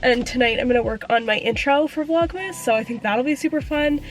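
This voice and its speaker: A woman's voice: high-pitched, a little fast, soft background music. A woman talking casually and upbeat in a weekend vlog, with lots of fillers. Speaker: lifestyle vlogger.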